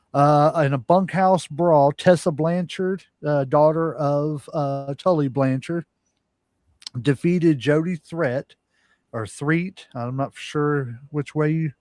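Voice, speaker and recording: A man's voice: fairly high pitch, darkish tone, no echo, clean studio sound. A man co-hosting a podcast, casually reading weekly wrestling results with lots of "uh" fillers. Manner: reads results with frequent "uh" fillers. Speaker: podcast co-host.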